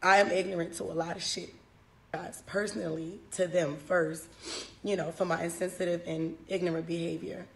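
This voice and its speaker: A woman comedian reading a scripted apology to camera, halting, with fillers. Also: lowish voice, flat delivery.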